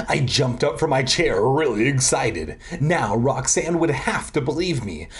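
A man's voice: medium pitch, sing-song, a little slow, few pauses. A young man hosting a read-aloud of children's horror books, slipping in sardonic, profane jokes. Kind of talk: comedic read-aloud with irreverent asides.

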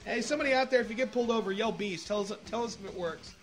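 A married adult man with a high voice co-hosts a casual podcast, talking very fast as music plays in the background. His banter is loose and profane, broken up by laughter.

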